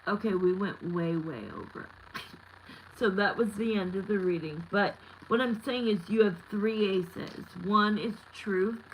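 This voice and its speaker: A woman's voice: medium pitch, unhurried, a little hiss or hum, low-quality recording. A woman in her thirties giving a live tarot reading, talking candidly and bluntly with lots of fillers. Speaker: tarot reader.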